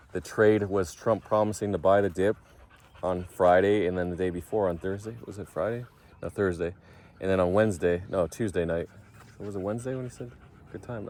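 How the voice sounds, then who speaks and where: Low-voiced man rambling in a casual vlog. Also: a little mellow, slight background noise. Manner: rambling, self-correcting, thinking aloud. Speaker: vlogger.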